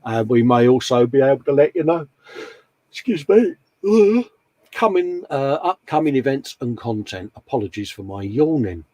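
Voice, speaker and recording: With big pitch swings in a medium, slightly mellow voice, the host talks at normal speed during a casual live stream with no echo. He rambles in a friendly way, calling everybody mate.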